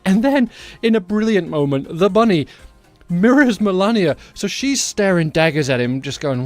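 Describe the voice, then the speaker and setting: A man hosting a podcast, giving sarcastic, animated comedic commentary on the news. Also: sits high, normal speed, dry recording, soft background music. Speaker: podcast host.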